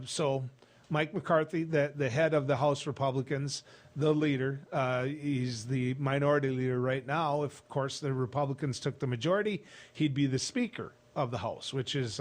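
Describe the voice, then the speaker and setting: Male radio host, mid-pitched, loose and talky commentary with lots of fillers. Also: normal speed. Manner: conversational, explains step by step, frequent "uh". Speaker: radio talk show host. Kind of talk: opinion commentary.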